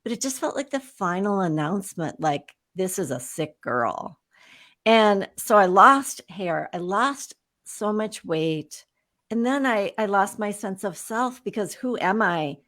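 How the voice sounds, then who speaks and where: A woman's voice: medium pitch, unhurried. A woman in her fifties, a guest on an interview show, telling her own story candidly and with animation. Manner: animated, candid storyteller who acts out remembered exchanges.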